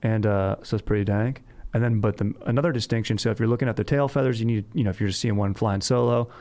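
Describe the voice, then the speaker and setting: A man's voice: on the low side, fairly even intonation, fast talker, darkish tone. A man hosting a comedy podcast, riffing in laid-back slang and saying "dude" all the time. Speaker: podcast host. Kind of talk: casual comedic podcast chat.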